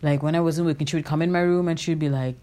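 Woman podcaster, low soft voice, candid and reflective, lots of ums and restarts. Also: steady tone, quick pace. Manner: candid and reflective, with many fillers and self-corrections. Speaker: podcast host. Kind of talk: personal storytelling monologue.

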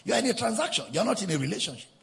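A male pastor preaches with a high, gravelly voice that swoops widely in pitch. He hammers his points through repetition and sing-song stresses, and a long hall reverb trails each phrase. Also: very animated, racing, fairly bright tone. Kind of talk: sermon.

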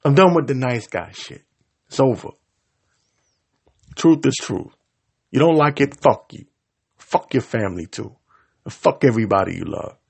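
Man, gravelly voice, husky edge, vulgar confrontational rant, loud bursts and low mutters. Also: big pitch swings, normal speed, pauses often. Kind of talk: profane angry rant to camera.

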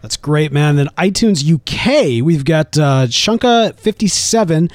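Brief: American male podcast co-host, easygoing and chatty, slightly higher voice, dry studio sound. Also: animated, a little slow, no room sound. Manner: laid-back, says "man" a lot. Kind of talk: casual podcast chat.

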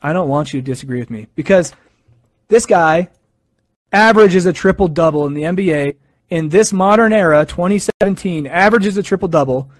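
A young man talking casually about basketball, telling stories in an excited, animated way. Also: high voice, dry recording. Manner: excited, animated storytelling with quick asides. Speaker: sports fan sharing opinions. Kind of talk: casual monologue.

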